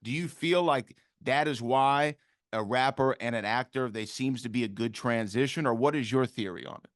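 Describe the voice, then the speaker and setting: A man's voice: medium pitch, moderate pace, no echo. Southern guy hosting an interview, long winding questions, dry close sound. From American South. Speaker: interviewer host.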